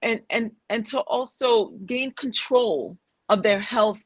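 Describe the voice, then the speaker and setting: A woman guest on a video call, a health coach, introducing herself in an eager, steady way. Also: on the high side, slow pace, dry recording.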